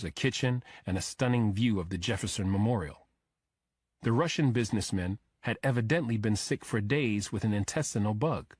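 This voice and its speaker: A man narrating a crime thriller audiobook in the first person, measured and even. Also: fairly low pitch, breathy edge, no echo.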